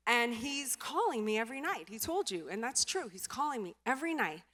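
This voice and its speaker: A woman giving a motivational speech as personal storytelling, animated, acting out dialogue and trailing off with filler sounds. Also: on the high side, fairly quick. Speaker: motivational speaker. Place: stage in a large venue. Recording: reverberant hall.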